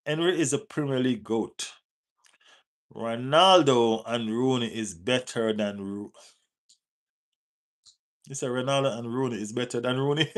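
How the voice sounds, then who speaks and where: A man with a Jamaican accent hosting a live football stream, answering viewer chat in relaxed patois-tinged talk and urging viewers to like the page. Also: medium pitch, measured pace, long pauses. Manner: reads out and answers viewer chat, teases, urges likes. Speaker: football livestream host.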